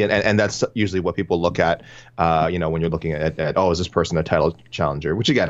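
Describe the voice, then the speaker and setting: A man co-hosting a casual MMA talk show, rambling and thinking aloud with many restarts. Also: sits low. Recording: dull lo-fi sound.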